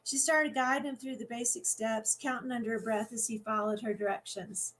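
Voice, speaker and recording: A woman author introducing and reading from her own novel, halting and conversational. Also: on the high side, a bit bright, rough recording.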